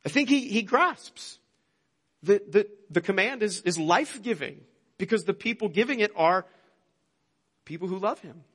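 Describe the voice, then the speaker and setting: A man with a notably high voice gives an earnest, conversational sermon, stumbling over and repeating words as he goes. His voice rings out with a long reverb. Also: lively intonation, normal speed, long pauses, a bit bright, husky. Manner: earnest, conversational preaching with frequent restarts. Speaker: pastor.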